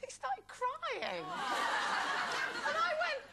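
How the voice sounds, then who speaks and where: High, giggly woman telling a story. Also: huge pitch swings, a little slow, long pauses, pushed and bright, a little hiss or hum. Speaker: panelist on a daytime talk show. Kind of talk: casual chat, anecdote.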